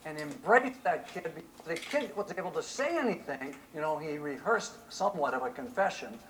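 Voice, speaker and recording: Guy preaching a sermon, fairly high voice, keeps throwing questions at the crowd, faint hiss behind. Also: moderate pace, poor audio. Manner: animated, asks the congregation rhetorical questions. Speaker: pastor.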